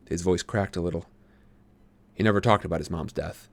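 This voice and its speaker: A man streaming a read-aloud of a novel, chatty and friendly between chapters and steady when narrating. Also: sits low, brisk, long pauses, no room sound. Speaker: streamer reading a book aloud.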